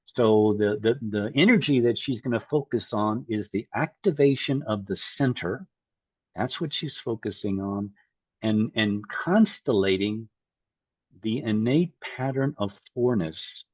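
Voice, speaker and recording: Lower-voiced man giving a relaxed lecture. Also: unhurried, dry recording, dull audio. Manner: thinking aloud with restarts and repeated phrases. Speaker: Jungian analyst lecturing. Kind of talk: informal lecture.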